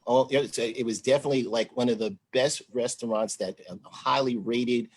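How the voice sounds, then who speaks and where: A man's voice: mid-range voice, steady tone, moderate pace, husky. A man hosting a livestream discussion, talking in a chatty, rambling way with many fillers. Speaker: deputy county executive, host.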